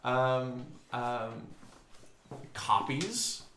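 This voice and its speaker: A man rambling through his character's ideas at a tabletop game, thinking aloud as he goes. He speaks slowly, and the room is echoey. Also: mid-range voice, expressive, a bit bright, a little hiss or hum. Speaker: player.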